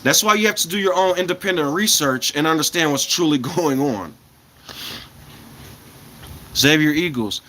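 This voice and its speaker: A man in his thirties holds forth to his livestream viewers in a loose, rambling way, hopping between thoughts. His voice sits a little high and sounds bright and forceful. He chuckles often and swings between loud bursts and quiet, mumbled asides. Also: a little hiss or hum. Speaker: livestreamer talking to chat. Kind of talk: casual rambling livestream chat.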